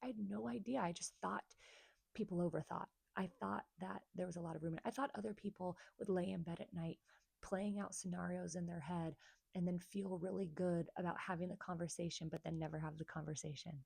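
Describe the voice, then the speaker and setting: Low, gravelly woman speaking candidly. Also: fairly even intonation, brisk, a little mellow, no echo. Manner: earnest, confiding, speaks straight to viewers. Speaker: therapist. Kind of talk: personal story vlog to camera.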